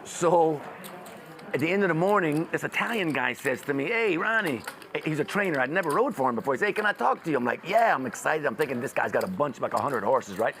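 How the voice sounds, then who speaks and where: A man's voice: fairly high pitch, animated, quick pace, a bit bright. A man at a casino poker table telling a long story, acting out other people's voices and swearing freely. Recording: noisy casino crowd around the table.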